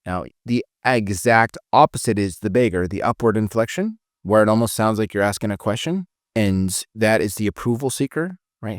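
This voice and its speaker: A man's voice: on the low side, normal speed, hardly any pauses, dry recording, clean studio sound. A man giving a casual spoken sales training lesson, often restarting phrases and demonstrating intonation.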